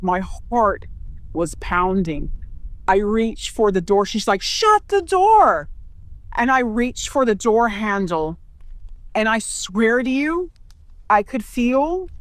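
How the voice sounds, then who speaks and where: A woman's voice: mid-range voice, no room sound. A woman telling a first-hand scary story as a podcast guest, rambling, restarting and swearing as she quotes herself.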